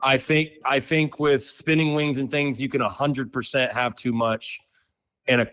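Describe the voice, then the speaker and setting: A man's voice: mid-range voice, moderate pace. Laid-back man talking shop as a guest. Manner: relaxed, candid, self-deprecating humor. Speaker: professional duck guide. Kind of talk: casual podcast interview.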